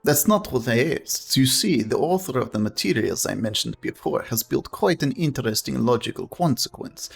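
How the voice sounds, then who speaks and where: A man voicing a stern male Soviet dictator with a put-on Russian accent, reading game dialogue aloud in a slow, pompous, lecturing way. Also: mid-range voice, animated, creaky, slightly rough, soft background music.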